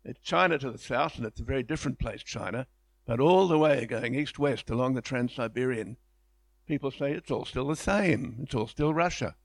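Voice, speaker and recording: A man's voice: medium pitch, normal speed, creaky, no room sound. A man giving an illustrated public lecture, speaking enthusiastically in a conversational way with frequent restarts.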